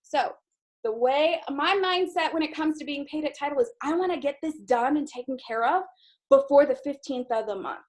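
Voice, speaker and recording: A woman in her thirties giving a casual training talk to her sales team, chatty and self-deprecating, with frequent fillers and quick laughs. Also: sits high.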